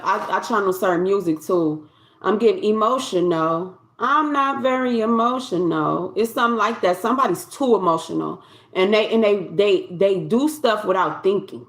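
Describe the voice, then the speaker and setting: A woman's voice: medium pitch, fairly bright tone, reverberant. A woman giving a collective tarot reading in a loose, conversational way, often repeating and restarting her phrases. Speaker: tarot reader.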